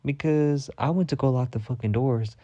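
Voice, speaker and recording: A man's voice: medium pitch, moderate pace, mellow, no room sound, highs cut off. A man hosting a storytime podcast, telling a story in a sassy, dramatic way with heavy cursing. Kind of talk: casual profane storytime rant.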